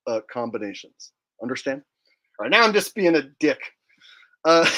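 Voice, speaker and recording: A man's voice: medium pitch, fairly bright tone. Man, livestream host, casual chat, joking, rambling, reads out comments.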